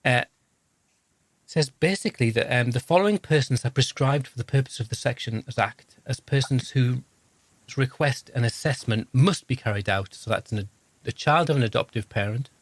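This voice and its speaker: A man's voice: mid-range voice, animated, moderate pace, no room sound. A man, hosting a podcast in a casual, rambling, self-deprecating, jokey way. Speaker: podcast host. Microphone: podcast microphone.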